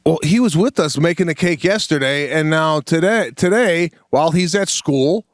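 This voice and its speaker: Middle-aged male podcast co-host, fairly high voice, dry close mic, animated storyteller. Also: normal speed, no echo. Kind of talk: casual comedic chat.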